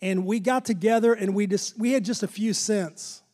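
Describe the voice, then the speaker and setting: Older male pastor, fervent and high-voiced. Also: moderate pace, a little mellow, long reverb tail. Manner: fervent, repetitive preaching with chuckles. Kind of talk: sermon.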